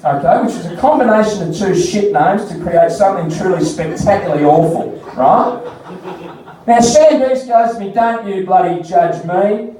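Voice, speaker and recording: A man's voice: high voice, lively intonation, normal speed, crowd noise. A man with an Australian accent doing a crude stand-up comedy set, telling stories with mocking voices. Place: comedy bar stage. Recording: very echoey bar, distant mic.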